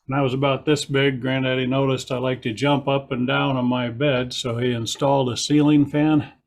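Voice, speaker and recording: A man's voice: medium pitch, level tone, moderate pace, creaky, background noise. An older man doing a dry, self-deprecating stand-up set over a video call. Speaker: stand-up comedian.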